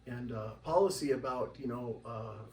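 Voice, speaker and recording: Speaking at normal speed in a slightly mellow voice, this man from Washington State is a tribal member being interviewed. He wanders loosely through stories, says "you know" often, and raises his pitch when quoting others, while a distant mic adds roomy sound, faint ambience and a little hiss or hum.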